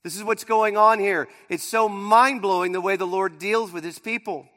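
A man with a high voice preaches a sermon in a church sanctuary. He drives some lines hard and drops others to a near hush. Long reverb hangs behind his words. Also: steady tone, normal speed. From Pittsburgh area. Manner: dynamic preaching, swings from loud emphasis to near-quiet. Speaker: pastor.

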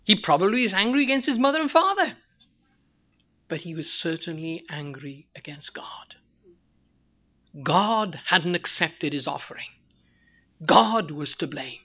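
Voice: medium pitch, dull audio. A preacher delivering a sermon, firing rhetorical questions at the congregation and repeating key points for emphasis.

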